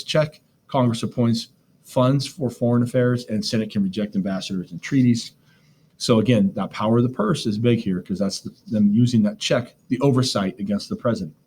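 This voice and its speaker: A lowish-voiced man talks through class notes like a teacher chatting with students, loose and full of "um"s and quick asides. A faint hiss of background noise sits under his recorded lecture. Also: a little mellow. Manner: conversational, lots of fillers, asides.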